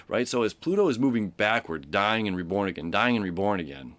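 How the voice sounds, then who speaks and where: A man's voice: on the low side, fairly bright tone, no room sound. Man rambling through a horoscope. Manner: rambling, with many fillers and asides; acts out quoted voices. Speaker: astrology host. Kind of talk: casual daily horoscope talk.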